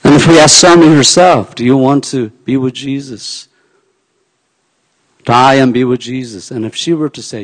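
A man preaching a sermon, dropping to a hush and then rising to loud, emphatic peaks. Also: medium pitch, moderate pace. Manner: swings from hushed to loud and emphatic. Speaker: pastor. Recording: long hall reverb.

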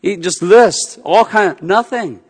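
A man's voice: sits high, lively intonation, measured pace, breathy edge. A middle-aged man, a pastor, preaching a sermon in a conversational way with playful asides. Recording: long hall reverb.

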